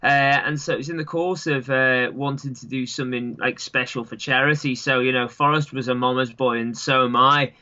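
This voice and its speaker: A man's voice: medium pitch, steady tone, moderate pace, few pauses, pushed and bright. A man with an English accent, a runner who is the guest, talking casually in an interview and wandering through his thoughts with lots of "sort of" and "you know". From England. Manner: rambling, full of "sort of" and "you know" fillers. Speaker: guest, long-distance runner. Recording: dull lo-fi sound.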